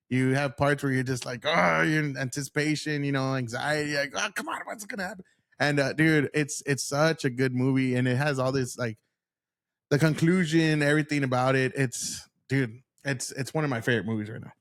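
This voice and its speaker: A man's voice: mid-range voice, no room sound, clean studio sound. A man hosting a casual podcast, rambling with lots of fillers and swearing freely. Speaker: podcast host.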